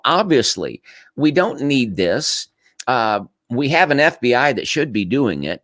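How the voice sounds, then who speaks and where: A man's voice: lowish voice, dry recording. A man giving casual, emphatic political commentary, often restarting his sentences and repeating his points. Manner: emphatic, repetitive, frequent restarts.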